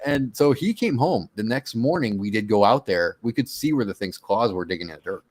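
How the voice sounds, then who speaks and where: A man casually telling his own monster encounter story on a radio show, animated and acting out his own quotes. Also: lowish voice, a little fast.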